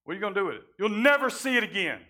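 High bright-voiced male pastor preaching. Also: very animated, racing. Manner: conversational preaching, repeats words, drops quietly at times. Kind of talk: sermon. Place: church sanctuary.

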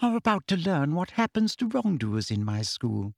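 A man voicing a triumphant, spiteful middle-aged headmistress with a high, mocking voice. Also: big pitch swings, moderate pace, creaky, no echo, clean studio sound, heavily acted.

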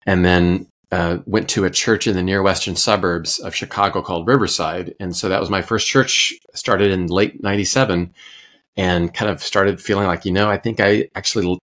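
Deep-voiced Iowa-born pastor telling his story. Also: fairly even intonation, normal speed, fairly bright tone. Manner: thoughtful, self-deprecating, with frequent fillers and restarts. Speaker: pastor and podcast guest. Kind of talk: relaxed conversational storytelling.

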